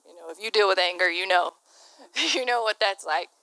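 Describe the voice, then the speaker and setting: A woman's voice: mid-range voice, brisk, bright, forceful tone, smooth, no echo. A woman pastor preaching a candid sermon, laughing often and acting out the voices she quotes.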